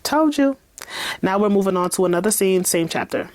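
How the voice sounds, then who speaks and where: Low-voiced woman reading her novel aloud. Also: steady tone, fast talker, darkish tone. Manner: chatty, candid, laughs and swears in asides. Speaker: author reading her own book. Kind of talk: read-along with casual commentary.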